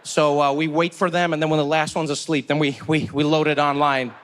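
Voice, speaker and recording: A nervous young male coworker, as a man puts him on, who stammers and hesitates through filler words. His voice sits on the high side. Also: flat delivery, brisk, natural voice. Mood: hesitant.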